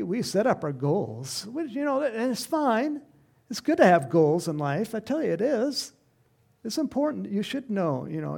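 A middle-aged male pastor preaches in a loose, conversational way, often rising into loud, emphatic bursts. His voice sits a little high and has a gravelly, fry-laden edge. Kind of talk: sermon.

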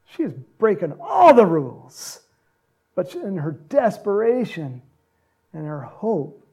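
A man preaching a sermon, retelling a gospel story with animated storytelling and acted-out lines. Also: a little high, creaky, slightly rough. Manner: animated storytelling, acts out quotes, laughs often.

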